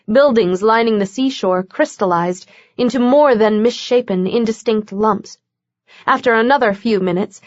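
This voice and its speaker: A woman's voice: medium pitch, dry recording. Woman narrating a novel, dull dry audio. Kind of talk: scripted narration.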